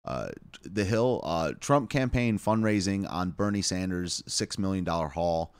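A man's voice: low-pitched, a little slow, smooth, no echo. A man hosting a casual live stream, reading headlines aloud with wry asides and chuckles. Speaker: live show host.

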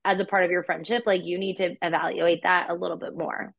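A woman's voice: lowish voice, flat delivery, fast, gravelly, highs cut off. A woman co-hosting a podcast, chatting casually and playfully with plenty of fillers. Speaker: podcast co-host. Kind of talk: casual chat.

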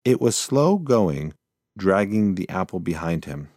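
Low-voiced guy reading a kids story, slow and measured, dry close sound. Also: big pitch swings, a little mellow, no echo. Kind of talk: storybook narration.

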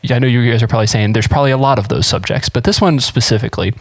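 A man's voice: medium pitch, very fast, no echo. Podcast host, male, chatty, rambling, restarts a lot; dry, close sound. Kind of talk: casual conversational podcast.

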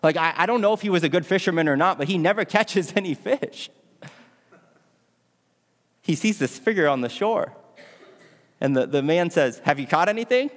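A man's voice: a little high, lively intonation, normal speed, pauses often. A male pastor telling a story in a sermon, asking his audience questions along the way. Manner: dramatic, asks the audience questions. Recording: long hall reverb.

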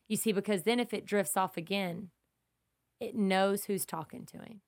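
A woman of middle pitch gives a devotional podcast teaching. She speaks earnestly and with emphasis, and she slips easily into personal stories. Her tone stays casual and direct, like a mom talking to her listeners. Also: steady tone, moderate pace, darkish tone. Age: young adult to middle-aged, mother of kids. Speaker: podcast host teaching scripture.

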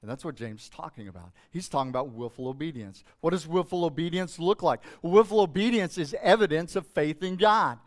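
A man's voice: fairly high pitch, animated, fairly quick, few pauses. A middle-aged male pastor preaching a sermon in an emotional, emphatic way that keeps rising and falling.

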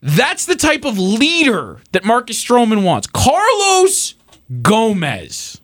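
A man's voice: very high-pitched, very animated, measured pace, a bit bright, no echo, studio quality. A young man co-hosting a sports podcast, ranting sarcastically and swearing as he builds up heat. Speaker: podcast co-host. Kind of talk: casual sports podcast rant.

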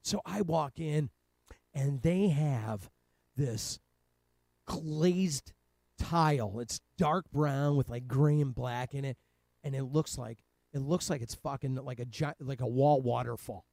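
Gravelly, mellow-voiced man telling a rambling story. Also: medium pitch, slow pace, no room sound. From Cleveland, Ohio. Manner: rambling, profane, laughs often. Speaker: guest telling his life story. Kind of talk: casual storytelling.

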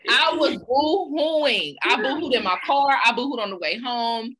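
A woman hosting a podcast, telling a personal story in a casual, animated, slangy way and laughing along. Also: on the high side, measured pace, slightly rough. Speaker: podcast host.

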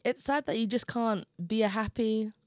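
A woman's voice: fairly high pitch, normal speed, no room sound, clean studio sound. A young woman, co-hosting a casual podcast chat and telling stories animatedly. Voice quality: slightly muffled from chewing gum. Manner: animated storytelling with laughs. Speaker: podcast co-host.

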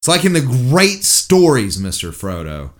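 A man's voice: medium pitch, huge pitch swings, unhurried. A man doing a put-on English accent as a loyal, earnest young male hobbit gardener, reciting a heartfelt monologue.

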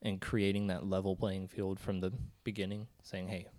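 A man co-hosting a podcast, talking casually about faith and often pausing to search for words. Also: low-pitched, flat delivery, darkish tone. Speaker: podcast co-host.

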